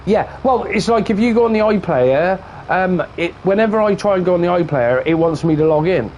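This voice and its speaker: A man's voice: high voice, lively intonation, brisk, a little mellow, highs cut off, a little hiss or hum. A man streaming a farming game, chatting casually and telling stories with a lot of swearing and acted-out dialogue. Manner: chatty storyteller, swears freely, acts out dialogue. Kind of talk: casual chat while gaming.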